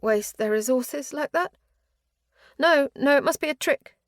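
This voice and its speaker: A woman's voice: high-pitched, measured pace, no room sound, studio quality, pitched above the performer's own voice. A woman reading an audiobook voices a refugee with a weak, thin voice who refuses to believe bad news. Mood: desperate.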